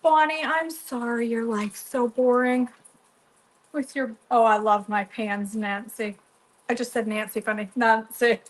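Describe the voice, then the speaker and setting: Middle-aged lady cooking in her kitchen, chatty and teasing, a bit high voice. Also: steady tone, measured pace, poor audio. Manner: chatty, teasing, talks to viewers by name. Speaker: cooking vlogger. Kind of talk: casual chat while cooking. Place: home kitchen.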